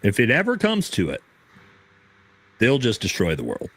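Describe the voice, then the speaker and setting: Animated, profane man ranting in commentary. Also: medium pitch, moderate pace, slightly rough. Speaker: political commentator. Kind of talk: commentary on a clip.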